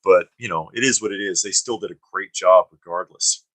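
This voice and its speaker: A man's voice: deep voice, brisk, fairly bright tone, no room sound, low-quality recording. A man co-hosting a live stream, chatting casually and reading viewer comments, rambling with fillers and restarts. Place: studio.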